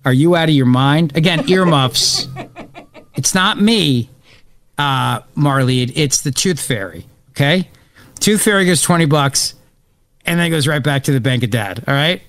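A man hosting a radio talk show, joking around with his co-hosts in an animated way and laughing often. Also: on the high side, measured pace. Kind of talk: casual radio banter.

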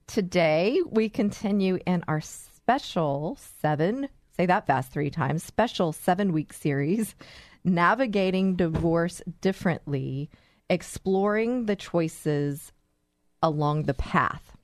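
Lady hosting a radio talk show, lower voice, upbeat, telling a little story, dry sound. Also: expressive, takes it slowly, no room sound. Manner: warm storytelling, enthusiastic. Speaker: host.

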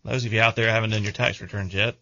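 A man's voice: lowish voice, flat delivery, fast talker, gravelly, sharp tone, highs cut off. A middle-aged man, hosting a radio show in casual, rambling chat.

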